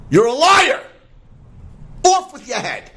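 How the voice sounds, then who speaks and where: A man voicing a proud, short-tempered male lion king in an animated parable told during a Torah class. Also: slow pace. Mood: furious. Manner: booming, commanding, snaps into shouts.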